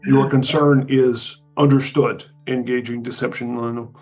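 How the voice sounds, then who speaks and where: Man playing a cyborg sasquatch, tabletop game, glitchy robotic stutter, loose put-on Norwegian accent, soft and a touch low. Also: flat delivery, unhurried, soft background music. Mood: flat, mechanical. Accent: put-on Norwegian, loosely held. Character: glitching male cyborg sasquatch, clipped and mechanical.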